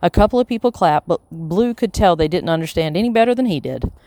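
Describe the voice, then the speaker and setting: An audiobook narrator reading a children's chapter book in a steady, even voice. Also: medium pitch, fast talker, no room sound. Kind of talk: scripted storybook narration.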